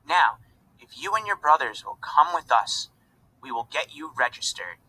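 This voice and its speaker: A man's voice: on the high side, big pitch swings, normal speed, sharp tone, slightly rough, heavily acted, low-quality recording. A man reading aloud, voicing a formal, ceremonious official welcoming new arrivals. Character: formal official male colonel greeting immigrants.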